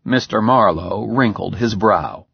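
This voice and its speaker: A man narrating an audiobook in an expressive, measured way. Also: fairly low pitch, creaky, slightly rough, no echo. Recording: slightly dull, dry recording.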